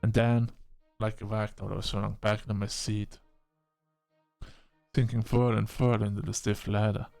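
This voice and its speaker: A man narrating a first-person science fiction story in an expressive manner, breaking off into short exclamations. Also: fairly low pitch, normal speed, gravelly, pauses often, no echo, faint music behind.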